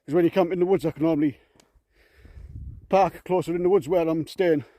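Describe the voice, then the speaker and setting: A man vlogging casually while hiking up moorland outdoors, out of breath and speaking haltingly with lots of fillers. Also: a little high, fairly even intonation, dark tone, no echo. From England. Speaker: camping vlogger.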